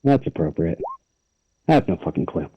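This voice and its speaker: A man's voice: low-pitched, sing-song, normal speed, slightly rough, no room sound. A man playing a tabletop role-playing game, answering tersely and bluntly. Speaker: player. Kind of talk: casual tabletop play. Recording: dull, lo-fi sound.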